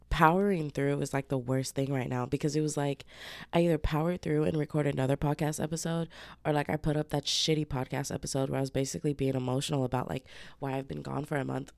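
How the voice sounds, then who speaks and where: Low, gravelly-voiced sick woman podcaster. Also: fairly even intonation, fast talker, darkish tone. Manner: chatty, slangy and profane, calls listeners babes. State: sick with flu, congested. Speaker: podcast host. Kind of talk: casual solo podcast chat.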